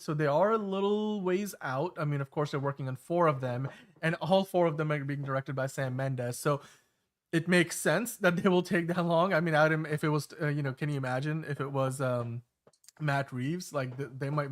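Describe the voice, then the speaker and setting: A man's voice: on the high side, fairly quick. A man in his thirties hosting a casual podcast chat, talking in a rambling way with many fillers and restarts. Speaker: show host.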